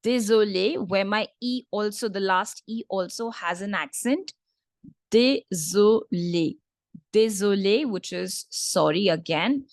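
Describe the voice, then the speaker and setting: A woman teaching a French lesson in English, patiently repeating each word slowly for learners. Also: mid-range voice, creaky, no room sound, studio quality. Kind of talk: online language lesson.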